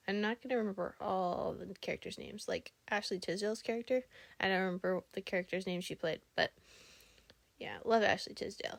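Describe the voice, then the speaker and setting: A woman's voice: medium pitch, vocal fry, no room sound. A young adult woman vlogging casually, telling stories in a rambling, chatty way full of fillers and giggles. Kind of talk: casual storytelling vlog.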